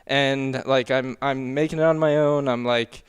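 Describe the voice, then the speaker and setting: A young man speaking emotionally and sincerely in a personal chat, with a halting, hesitant delivery. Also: medium pitch, fairly even intonation, clean tone.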